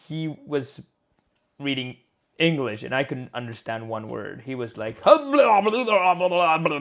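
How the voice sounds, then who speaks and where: A man's voice: medium pitch, creaky, fairly bright tone. A man co-hosting a live game design stream, chatting in a rambling, playful way and searching for words aloud. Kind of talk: casual chat.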